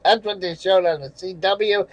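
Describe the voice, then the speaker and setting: Older guy reading comments, pissed off and sarcastic, highish voice, slow, dry close sound. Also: fairly even intonation, no room sound, lo-fi sound. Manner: angry, sarcastic, swearing, chuckling bitterly. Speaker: channel host reading viewer comments. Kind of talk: casual rant over screenshots.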